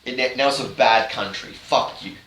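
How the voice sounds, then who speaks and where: A man's voice: medium pitch, moderate pace, sharp tone, far from the mic, close to an everyday voice. A man tossing off a brash, swaggering vampire lord. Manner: crude, cocky, offhand. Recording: roomy, off-mic, faint hiss.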